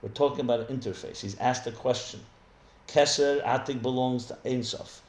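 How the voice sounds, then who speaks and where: Speaking at a moderate pace with medium pitch and fairly even intonation, a rabbi works through a text in a live study class. His explanations unfold as he thinks, with many restarted sentences, and the echoey room has faint ambience.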